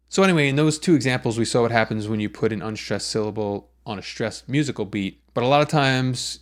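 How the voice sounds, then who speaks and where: A man explaining lyric writing in a patient, methodical lesson, walking through examples step by step. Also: fairly low pitch. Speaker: songwriting teacher.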